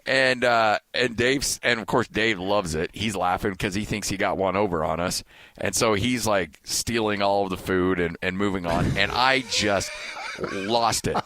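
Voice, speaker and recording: A man hosting a sports podcast who tells stories animatedly in casual chat and jumps up loud when he acts out quotes. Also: fairly low pitch, unhurried, no room sound. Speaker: sports radio broadcaster and podcast host.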